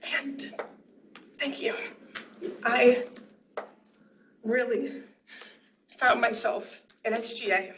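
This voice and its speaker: A woman's voice: fairly high pitch, extremely slow, pauses often, fairly bright tone. A young woman in student government giving a heartfelt, tearful farewell speech at a meeting, laughing between lines. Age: young adult. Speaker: student government vice president. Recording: noisy room recording.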